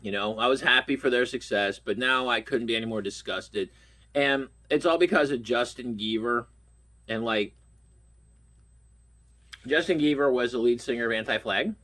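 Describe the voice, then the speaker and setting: A man's voice: mid-range voice, moderate pace, pauses often, pushed and bright. A middle-aged man from Pittsburgh with a stuffy nose, ranting bluntly and swearing constantly. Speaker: vlogger. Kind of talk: profane rant.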